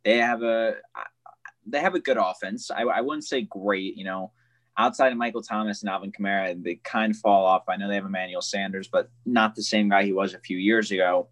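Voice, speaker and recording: A man's voice: lowish voice, fairly even intonation, brisk, fairly bright tone. A young man co-hosting a casual sports podcast, easygoing and chatty, often calling his friend "man". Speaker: podcast co-host.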